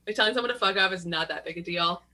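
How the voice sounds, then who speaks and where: Bright-voiced woman chatting animatedly on a podcast. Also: fairly low pitch, racing. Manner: lively, laughing, profane storytelling with quoted voices. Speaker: podcast co-host. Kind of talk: casual chat.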